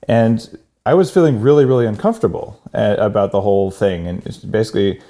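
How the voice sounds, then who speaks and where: A man's voice: lowish voice, a little fast, mellow. A man hosting an interview podcast, talking casually and hesitantly with many fillers and restarts. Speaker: podcast host.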